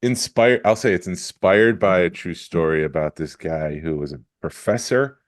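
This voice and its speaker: Male podcast co-host, very low voice, dry close mic, rambling storyteller. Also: normal speed, dry recording. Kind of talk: casual chat.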